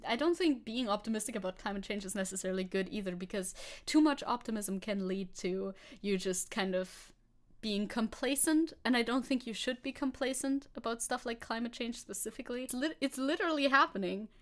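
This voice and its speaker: Sarcastic woman streamer with a higher voice. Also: brisk. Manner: sarcastic, laughs often, swears. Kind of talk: casual commentary. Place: hot room at home.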